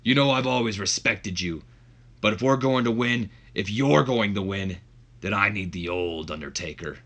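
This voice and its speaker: A pushy older wrestling chairman, desperate and furious, barking and pleading by turns, as a man puts him on. The voice sits low yet sharp and forceful, with a loose, tongue-in-cheek edge. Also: normal speed. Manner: shouting, pleading, half-mocking impression.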